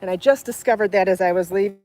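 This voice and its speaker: Walking a bike to the beach, a woman live-streams for her podcast through a handheld phone, speaking fast in a medium-pitched, slightly mellow voice. The vlog is casual and chatty; she apologizes, laughs a lot and sounds breathless.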